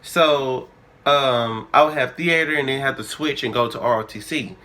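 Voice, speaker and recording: A man's voice: medium pitch, normal speed. A young man, telling a personal story casually and acting out the dialogue with drama. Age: early 20s. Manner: animated, dramatic retelling with quoted dialogue. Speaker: vlogger.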